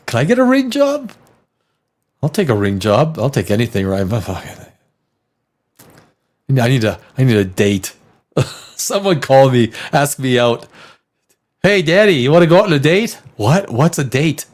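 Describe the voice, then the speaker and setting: A male host on a live movie stream who reads out chat comments, swears freely and laughs a lot. His voice sits somewhat high for a man, and his pitch leaps all over the place as he riffs. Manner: crude, rambling, laughs often, reacts to chat.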